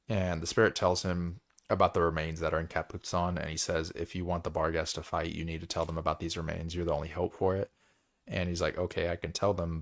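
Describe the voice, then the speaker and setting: Tired host, low voice, rambling casual recap, yawns, slips into quick character voices. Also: male voice, gravelly. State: tired, yawning. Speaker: book club host. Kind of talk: casual book chapter recap.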